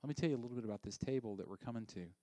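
A male pastor preaching a sermon. He is animated and sometimes drops to a hushed near-whisper for emphasis. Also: medium pitch, racing, no echo.

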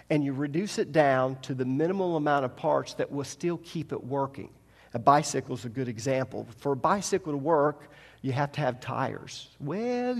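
A man with a fairly high voice teaches a Bible study as a sermon, reading scripture aloud and breaking off for folksy asides to the listeners. His voice rings out with a long reverb, as if heard in a large hall. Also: creaky, darkish tone. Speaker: pastor.

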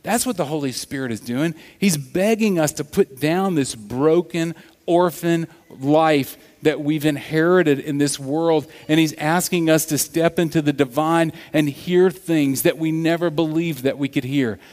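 A man preaching a sermon, telling stories in an animated way that swings from loud to hushed. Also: fairly high pitch, measured pace. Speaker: pastor. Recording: long reverb of a large hall.

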